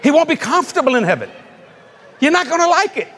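A male preacher telling a story in a televised sermon, animated and laughing, with bursts of shouting. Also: extremely high pitch, quick pace, slight background noise.

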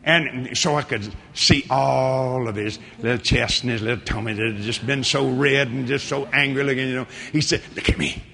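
A middle-aged man preaching a sermon and telling a story, swinging between shouted lines and hushed ones. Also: mid-range voice, fairly even intonation, moderate pace, gravelly, few pauses, slight background noise.

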